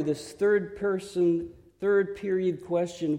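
A man preaching a sermon, originally from Texas, asking the listeners questions and slowing down to stress his points. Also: high-pitched, darkish tone. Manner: questioning, emphatic, slows for stress. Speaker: pastor. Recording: reverberant hall.

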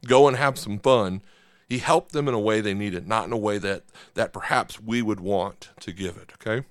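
A man's voice: lowish voice, moderate pace, a bit bright, dry recording. A man, a pastor, preaching a conversational sermon and checking in with his listeners. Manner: conversational, asks the congregation for agreement.

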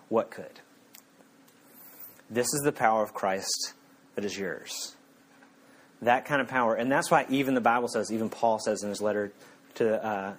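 A young man preaching a casual, joking sermon in a voice of middling pitch. He talks to the room like friends and then pushes up into emphatic passages. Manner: conversational and joking, with sudden emphatic rises. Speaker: pastor.

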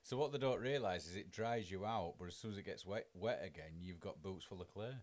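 A man's voice: deep voice, fairly quick, darkish tone. A man, co-hosting a podcast in casual chat, blunt and teasing, swearing freely. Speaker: podcast co-host.

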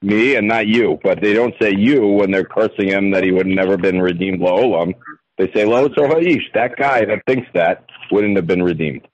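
A man's voice: sits low, fairly even intonation, moderate pace, muffled recording. A man taking part in a text class, explaining his view in plain words. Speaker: student in the class. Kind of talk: class discussion.

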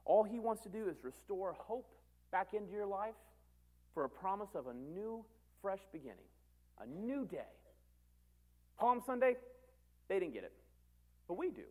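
A man with a high voice preaches a sermon to his congregation. He is animated, swinging from loud, emphatic calls down to quiet, confiding asides. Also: moderate pace, long pauses. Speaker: pastor.

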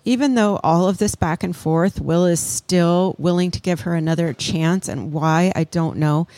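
Low-voiced woman co-hosting a true-crime chat. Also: normal speed, warm tone, dry recording. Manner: reacting and asking questions, conversational. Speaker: podcast co-host.

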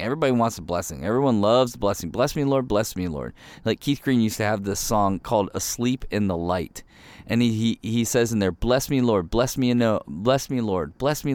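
A man talks through a devotional podcast with an earnest, emphatic delivery, his pitch swinging widely as he leans into key words. The sound is close and dry, with no room echo.

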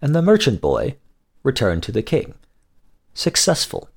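A man narrating a scripted folk tale in a measured storytelling manner. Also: mid-range voice, wildly swooping pitch, vocal fry, slightly rough.

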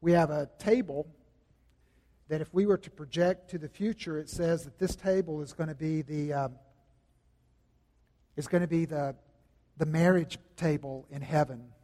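Male pastor with a high voice, conversational sermon, booming hall reverb. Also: fairly even intonation, normal speed, long pauses, dark tone. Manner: conversational preaching with restarts and emphatic repetition.

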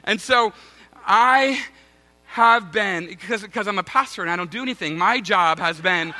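A male pastor in his thirties preaches with a high voice and a bright, ringing tone. He tells a story against himself, mocks himself, and keeps turning to the congregation in a chatty, casual way. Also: moderate pace, a little hiss or hum. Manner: self-mocking, conversational, addresses congregation as guys. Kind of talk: sermon with personal story.

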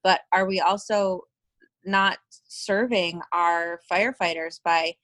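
Low-voiced thoughtful woman co-host. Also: fairly even intonation, slow pace, fairly bright tone. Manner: thoughtful, earnest. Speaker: podcast co-host. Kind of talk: podcast interview.

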